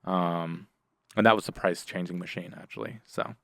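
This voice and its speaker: A man's voice: sits low, moderate pace, vocal fry, no room sound. A middle-aged man, a guest on a podcast, telling war stories in casual talk, acting out the people he quotes. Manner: animated, acts out the voices of people in his stories; many fillers and restarts. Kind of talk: casual storytelling in a podcast interview.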